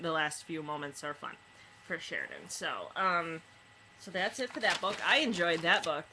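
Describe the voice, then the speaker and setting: A woman reviewing books in a casual chat, retelling stories with lots of fillers and quick asides. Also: lowish voice, pushed and bright, a little hiss or hum, poor audio. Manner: chatty retelling with many fillers. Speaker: book reviewer.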